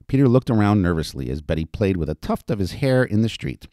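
Brief: low, animated male storyteller, close dry voice. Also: fairly quick, hardly any pauses, no room sound. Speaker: audiobook narrator. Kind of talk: scripted narration.

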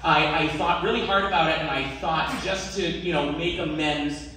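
A man's voice: a little high, normal speed. A man hosting a stand-up comedy show, rambling and self-deprecating, laughing through his lines. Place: live comedy venue on stage. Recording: echoey room, distant mic, loud noise.

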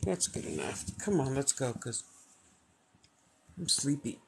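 A woman's voice: rumbling low, very animated, vocal fry, heavy background noise. A woman vlogger in casual, gushing chat while opening a gift box. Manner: gushing, thankful, talks slowly.

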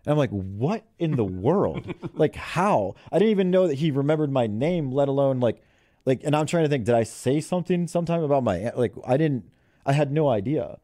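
A man's voice: mid-range voice, lively intonation, a little fast, mellow, no echo, clean studio sound. A man who is a head golf coach, telling stories in an interview in a chatty way and laughing often. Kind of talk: interview storytelling.

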